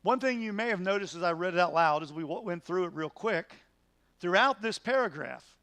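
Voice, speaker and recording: High-voiced earnest pastor teaching. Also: male voice, lively intonation, brisk, fairly bright tone, dry recording. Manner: earnest, emphatic, rhetorical questions. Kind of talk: midweek Bible study teaching.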